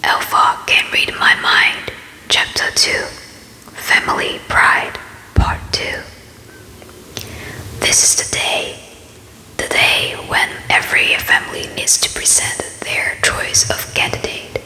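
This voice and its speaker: Bright-whispering woman ASMR reader, whispered role-play. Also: roomy sound, rough recording. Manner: slow, steady unvoiced whisper.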